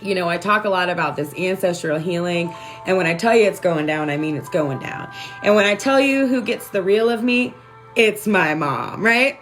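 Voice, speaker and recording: A woman's voice: lowish voice, expressive, moderate pace, soft background music. A woman speaking candidly and emotionally to her livestream viewers about spiritual growth, swearing freely and often asking "right?". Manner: conversational, keeps asking "right?". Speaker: spiritual self-help vlogger.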